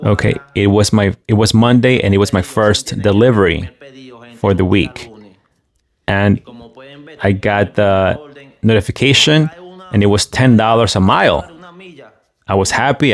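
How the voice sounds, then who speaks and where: A man with a low voice and a gravelly edge talks through a story for his viewers. He tells it in the first person as casual video commentary and keeps breaking off for quick asides to the audience. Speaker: commentator relaying a migrant's story.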